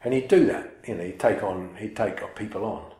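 A man tells a personal story in a loose, rambling way and pokes fun at himself as he goes. His voice sits low. The room around him is echoey. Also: moderate pace, dark tone. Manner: rambling, self-mocking, many fillers and restarts. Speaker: speaker telling a personal story to listeners. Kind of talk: casual storytelling talk.

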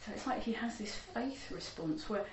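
A woman tells a teaching story with lively energy, stopping for ums and small laughs as she warms up. Her voice carries through a roomy hall, and a faint background hum sits underneath. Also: on the high side, moderate pace. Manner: animated, laughing, many fillers, acts out voices. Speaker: Buddhist teacher. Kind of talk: storytelling dharma talk.

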